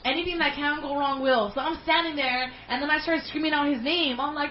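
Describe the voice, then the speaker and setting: A woman telling a long story in casual chat, animated, swearing a lot and using slang. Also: high-pitched, fast, reverberant, dull audio, slight background noise.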